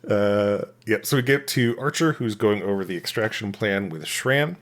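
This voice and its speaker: A man co-hosting a podcast, recapping a TV episode in a rambling, casual way with many pauses and restarts. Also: mid-range voice, expressive. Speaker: podcast co-host.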